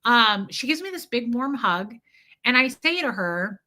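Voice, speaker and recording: Young woman streamer, bright and slightly high voice, rambling casual storyteller who keeps greeting chat. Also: big pitch swings, measured pace, a little hiss or hum. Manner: rambling, chatty, greets viewers mid-story. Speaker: live streamer.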